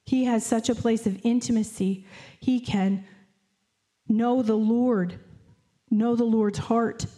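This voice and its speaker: With a warm, fairly high voice and fairly even intonation, a woman delivers a sermon, earnestly reading scripture and lingering over its key phrases.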